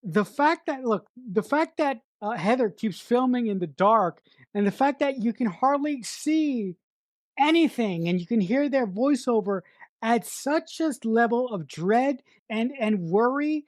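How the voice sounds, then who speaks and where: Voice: medium pitch, expressive, unhurried, no room sound, clean studio sound. A middle-aged podcast co-host reviewing a film in casual chat, emphatic, repeating words for effect and swearing freely.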